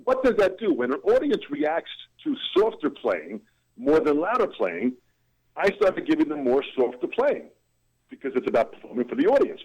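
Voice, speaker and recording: A man's voice: a little high, huge pitch swings, normal speed, vocal fry, darkish tone, husky, dull audio. A man, a drummer and motivational speaker, telling a story as a guest in an ebullient, dramatic way. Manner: ebullient, dramatic vocal swings. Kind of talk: animated storytelling in an interview.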